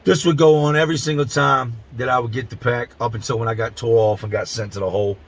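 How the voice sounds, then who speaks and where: A man's voice: medium pitch, steady tone, fast talker, gravelly, rough recording. A middle-aged man from Philadelphia telling a prison story in blunt, profane street talk, stretching words for emphasis. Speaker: channel host telling prison stories. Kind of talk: casual storytelling to camera.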